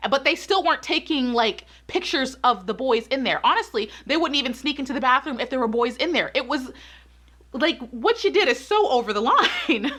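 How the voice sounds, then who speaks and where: Brief: woman, vlog commentator, higher pitch, bright and forceful, hammers points home by repeating them. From United States. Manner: emphatic, repeats points for stress, gets worked up. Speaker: pageant commentary YouTuber.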